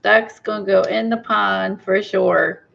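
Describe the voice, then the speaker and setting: A woman's voice: mid-range voice, fairly even intonation, slow, vocal fry, a bit bright, a little hiss or hum. A woman chatting and thinking aloud while she works on a craft project, gushing over small finds. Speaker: craft video host. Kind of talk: casual crafting chat. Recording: dull lo-fi sound.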